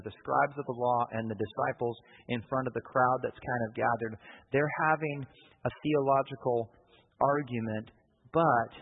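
Guy preaching, chatty, asks the room stuff, husky, echoey hall, sounds like a phone line. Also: mid-range voice. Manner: conversational, checks in with listeners. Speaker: pastor. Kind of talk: sermon. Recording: phone-like, long reverb hall.

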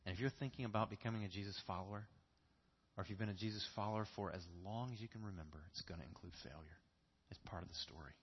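A man's voice: lowish voice, racing, breathy edge, lo-fi sound. A man preaching a sermon in a church, earnest and repeating key phrases for emphasis. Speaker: pastor.

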